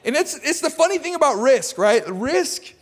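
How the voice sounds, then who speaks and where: A man's voice: very high voice, very animated, normal speed. A young man preaching a casual sermon full of personal stories and self-deprecating humor in a large church. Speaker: guest preacher. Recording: long hall reverb.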